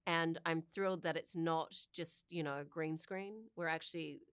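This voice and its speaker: A middle-aged woman with a New Zealand accent, talking about her acting work in a relaxed, expressive interview manner. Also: sits low, normal speed, smooth, no room sound, clean studio sound. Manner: chatty and expressive, acts out little quoted exchanges. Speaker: actor being interviewed. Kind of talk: casual interview chat.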